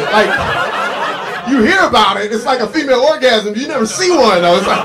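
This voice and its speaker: Male stand-up comic, loose rambling delivery, fairly high voice, loud noisy live club recording. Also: sing-song, moderate pace, a loud crowd. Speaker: comedian. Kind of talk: stand-up comedy set. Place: comedy club stage. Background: audience laughter.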